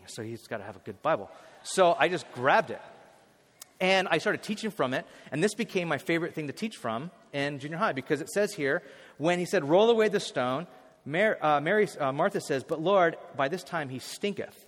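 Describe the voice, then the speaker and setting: A man preaching a sermon as a pastor, telling stories animatedly and swinging from hushed to loud. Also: on the high side, animated, a little fast, in a large hall.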